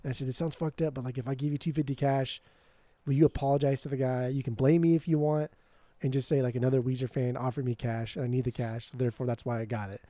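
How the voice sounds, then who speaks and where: Man telling a lively story, dark voice. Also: medium pitch, fast, dry recording. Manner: animated storytelling, swears freely. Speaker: podcast co-host, record store owner. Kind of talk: casual chat.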